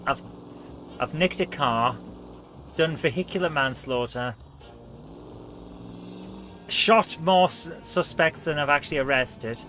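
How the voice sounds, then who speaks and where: A man's voice: fairly high pitch, takes it slowly, pauses often, fairly bright tone, faint music behind. A man hosting a let's play, talking casually over his gameplay with frequent exclamations and mild swearing. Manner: exclamatory, swears and laughs at his own driving.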